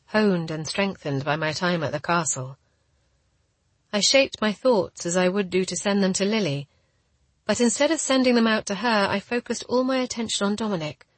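Brief: woman narrator for a first-person novel, steady, husky timbre, dry studio sound. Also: medium pitch, no room sound. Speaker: audiobook narrator.

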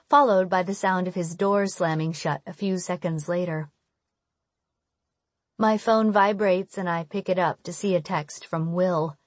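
A woman's voice: on the low side, measured pace, no room sound. A young woman giving earnest, slightly exasperated first-person audiobook narration.

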